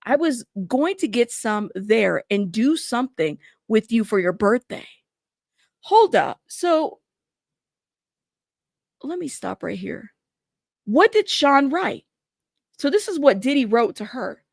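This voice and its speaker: A woman reading court transcripts aloud and breaking off with animated reactions of her own. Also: on the high side, takes it slowly, creaky, long pauses, no echo, studio quality. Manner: animated reactions to the text she reads. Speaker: trial news commentator.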